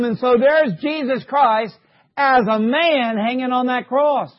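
A man preaching a sermon, fervently asking his congregation rhetorical questions and rising to shouts. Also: very high voice, a little slow. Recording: dull lo-fi recording.

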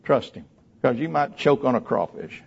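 Older man, preacher, folksy sermon, very lively pitch, dull lo-fi recording. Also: normal speed, gravelly, slightly rough. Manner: folksy storytelling, swinging between soft low talk and shouted high peaks.

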